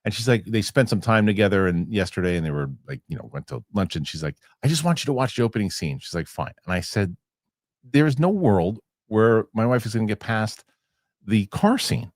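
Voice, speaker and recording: Guy rambling about movies, deep voice, dry mic. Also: very animated, brisk, dry recording. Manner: rambling with many restarts. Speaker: host. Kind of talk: casual chat.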